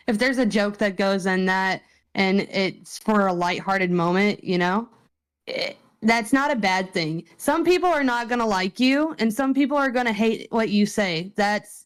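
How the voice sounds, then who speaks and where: Calm, reassuring woman with a smooth voice. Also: medium pitch, rough recording. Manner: calm, reassuring, gives advice. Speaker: podcast guest. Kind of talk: casual podcast chat.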